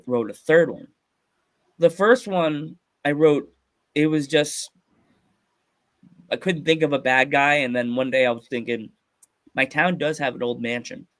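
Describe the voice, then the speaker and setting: A man from Pennsylvania hosting a casual podcast, telling stories with lots of excitement and frequent laughter. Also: medium pitch, moderate pace, long pauses, no echo. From Pennsylvania, USA. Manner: excited storytelling, laughs often. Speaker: podcast host.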